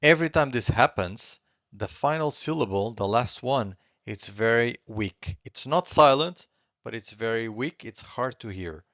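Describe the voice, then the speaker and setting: A man teaching a beginner language lesson, patiently repeating words slowly and clearly. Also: mid-range voice, lively intonation, a bit bright, dry recording, dull audio.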